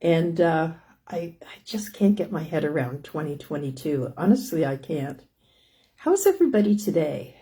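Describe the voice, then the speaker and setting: An older woman with a low, mellow voice chats casually on her live stream. She rambles from one thing to the next, restarting sentences and looping back with "anyways". Her tone stays easygoing and homey. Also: very animated, normal speed. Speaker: host of a live stream about living with lung disease.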